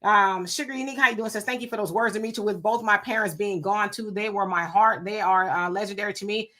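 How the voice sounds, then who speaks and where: A woman hosting a casual livestream, reading out viewer comments and telling animated stories. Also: medium pitch, quick pace. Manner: animated storytelling with frequent laughs. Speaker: livestream host.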